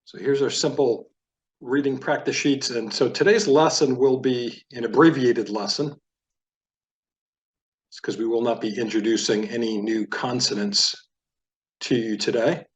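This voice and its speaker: A man's voice: medium pitch, steady tone, measured pace. A man teaching a beginner reading lesson, patiently explaining sounds step by step. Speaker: Hebrew teacher.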